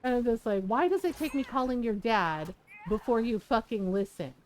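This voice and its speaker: A middle-aged woman streamer telling a story in casual chat, animated and profane, laughing as she talks. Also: on the high side, normal speed, poor audio. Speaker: live streamer.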